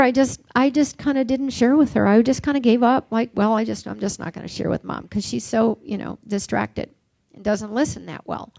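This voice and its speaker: An older woman giving a reflective recovery workshop talk, mixing gentle questions with personal stories. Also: fairly high pitch, steady tone, normal speed, vocal fry, no echo. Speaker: workshop speaker.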